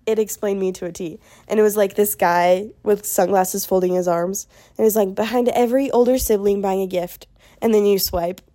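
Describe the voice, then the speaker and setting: A woman's voice: mid-range voice, steady tone, normal speed, warm tone. Bubbly young woman chatting on a podcast. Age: young adult. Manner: bubbly, chatty, self-mocking. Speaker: podcast host. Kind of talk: casual solo podcast chat.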